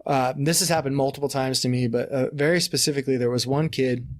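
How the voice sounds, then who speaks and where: A middle-aged man in a podcast interview tells coaching stories at a middle pitch. He talks with energy and slips into lively put-on voices when he quotes people. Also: fast talker. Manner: animated, acts out quoted voices in his stories. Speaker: guest, coach and speaker.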